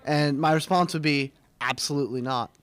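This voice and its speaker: A man's voice: a little high, fairly bright tone, dry recording. Joking young man hosting a live show. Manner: joking, mock-pompous, quick asides. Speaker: host of a student TV segment. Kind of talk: casual live-stream banter. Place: small studio room.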